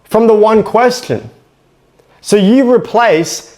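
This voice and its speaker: Aussie sales coach guy, blunt and sweary, kinda high voice. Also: lively intonation, moderate pace, a little mellow. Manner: brash, profane, emphatic. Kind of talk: blunt sales training monologue.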